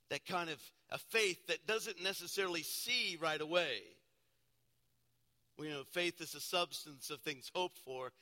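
A middle-aged male pastor preaching with a very bright, ringing voice that sits high for a man. He swings between loud, emphatic exclamations and hushed storytelling. His voice carries a long reverb from the church hall. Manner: self-deprecating humor. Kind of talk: sermon. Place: church sanctuary at a pulpit.

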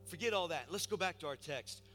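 A man preaching a sermon, exhorting with repetition and swinging from hushed, quiet passages to loud emphatic ones. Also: a little high, lively intonation, fairly quick. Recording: reverberant hall with faint music.

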